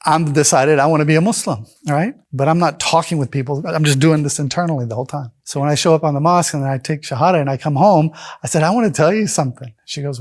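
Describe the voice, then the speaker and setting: A man in his fifties recounts his life in a lively, expressive way. His voice sits somewhat high and sounds dry and close. He acts out the people he quotes with sudden jumps in pitch. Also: no echo. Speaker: convert telling his story. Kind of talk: personal storytelling.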